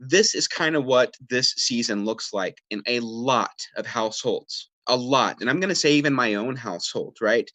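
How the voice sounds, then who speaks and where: A man presenting a parenting webinar in a relaxed, conversational way, often checking in with "right?" and acting out what people say. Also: mid-range voice, moderate pace, hardly any pauses, no room sound. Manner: conversational, frequent "right?" and fillers, acts out quoted lines. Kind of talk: casual explanatory teaching. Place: home or office, video webinar.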